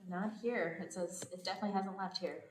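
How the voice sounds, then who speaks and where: This podcast host, a woman from the United States, has a fairly low voice with fairly even intonation and a fairly quick pace, with slight background noise. Recorded indoors in an echoey room at a home abroad, she chats casually, telling stories and laughing frequently.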